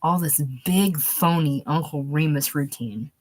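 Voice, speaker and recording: A woman's voice: sits low, unhurried, no echo. A woman voicing a self-righteous, contemptuous man in a storybook reading, bitter and cutting. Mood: disgusted. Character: indignant middle-aged man, scornful and self-righteous.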